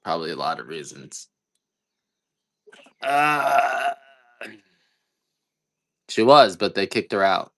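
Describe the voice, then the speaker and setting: Hardly pausing, a man with a low, fairly bright voice talks a little fast and animatedly while selling coffee live. The casual chat rambles along with self-deprecating humor.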